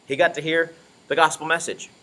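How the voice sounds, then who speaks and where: A man with a slightly high voice gives church volunteers a casual, upbeat talk. He keeps it informal and often checks in with a quick "all right?" as he goes. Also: level tone, sharp tone. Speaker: children's ministry leader.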